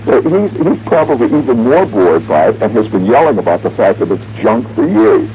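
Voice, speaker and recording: A radio host in his forties from the American Midwest spins a long, wry, rambling late-night monologue, humming tunes and imitating sounds as he goes. His voice is on the low side, warm and sing-song, fairly quick with hardly any pauses. The studio radio mic yields a dull, muffled 1970s broadcast sound with faint hiss.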